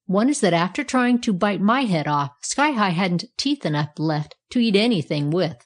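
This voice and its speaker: A woman's voice: fairly low pitch, a little mellow. A woman reading aloud, voicing a talking male iron andiron who tells a tall tale in a matter-of-fact way. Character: boastful old male iron andiron storyteller.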